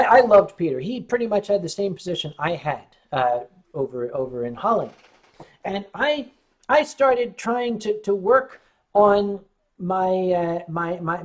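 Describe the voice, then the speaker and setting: An American man hosting a casual livestream, telling rambling stories with frequent stammered restarts. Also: sits high. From United States. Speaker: livestream host.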